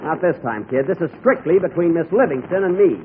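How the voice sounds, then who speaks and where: A man's voice: on the high side, lively intonation, fairly quick. A man hosting a 1940s radio comedy, trading dry, exasperated wisecracks with his cast. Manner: dry, exasperated comic timing. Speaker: comedy show host. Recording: tinny, hissy 1940s radio broadcast.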